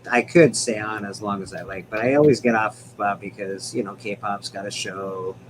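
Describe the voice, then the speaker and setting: A man's voice: fairly low pitch, fairly even intonation, moderate pace, background noise. A man hosting a casual livestream chat from home, rambling, laughing often and swearing now and then. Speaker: livestream host.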